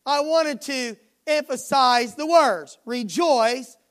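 A woman's voice: high voice, slow. A woman preaching a sermon at a midweek church service, emphatic and given to repeating refrains.

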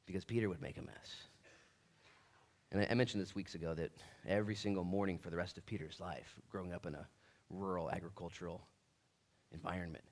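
Animated low-voiced male pastor preaching. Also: fairly quick. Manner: animated preaching, acts out voices of people in the story. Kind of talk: sermon.

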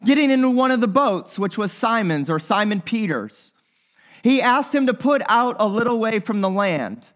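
A man's voice: high voice, big pitch swings, moderate pace, fairly bright tone. A man preaching a sermon as pastor, earnest and talking straight to the congregation, often repeating his phrases.

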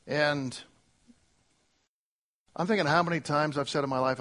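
A middle-aged male pastor preaching a sermon, earnest, moving between loud exclamations and quiet reflection. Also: fairly high pitch, fairly even intonation, unhurried.

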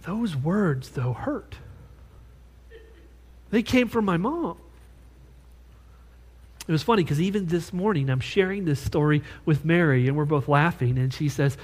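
High-voiced man preaching a sermon. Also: animated, husky. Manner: personal storytelling, slows down to stress words. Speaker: pastor.

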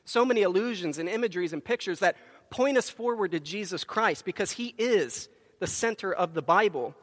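A man's voice: sits high, brisk, fairly bright tone, long reverb tail. A man preaching a Sunday sermon into a microphone in a church, telling Bible stories with emphasis and acting out the quotes. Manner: storytelling with acted quotes, emphatic. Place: church sanctuary.

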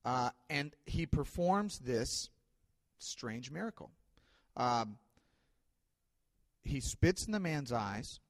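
A male pastor giving a sermon, telling stories in a conversational way with fillers, swinging between loud and quiet. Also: medium pitch, expressive, slow pace, pauses often. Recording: long hall reverb.

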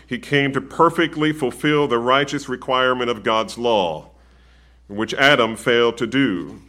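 A man preaching at a funeral, earnest and personal in his telling. His voice sits at a middling pitch with a bright, ringing edge. As he turns to doctrine, he speaks with growing emphasis. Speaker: pastor. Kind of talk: funeral sermon.

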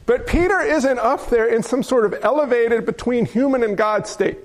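A man with a notably high voice delivering a sermon. He preaches with a playful streak, tossing in jokey asides and rhetorical questions to the congregation. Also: normal speed. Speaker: pastor.

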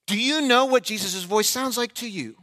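A man's voice: extremely high pitch, normal speed, sharp tone. A male pastor delivering a sermon who asks the congregation questions and briefly acts out their replies.

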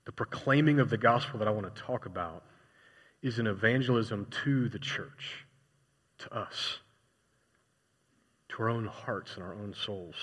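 A man's voice: on the low side, unhurried, pauses often, fairly bright tone, breathy edge. A man preaching a sermon in a conversational way, often asking his listeners rhetorical questions. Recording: long reverb hall.

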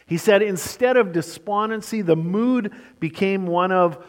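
A male pastor delivers a sermon with a somewhat high voice. He moves between brisk storytelling and slow, emphatic lines. A long reverb from a large church hall trails his words.

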